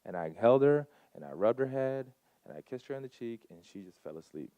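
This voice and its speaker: A man's voice: medium pitch, lively intonation, a little fast, mellow, dry recording. A man in his thirties giving a personal testimony at a Sunday gathering, earnest and repeating phrases for emphasis into a handheld mic. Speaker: guest speaker at a Sunday service.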